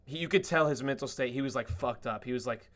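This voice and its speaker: A man's voice: medium pitch, fast, fairly bright tone. A man hosting a casual podcast, telling long rambling stories packed with "like" fillers and swearing. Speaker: podcast host.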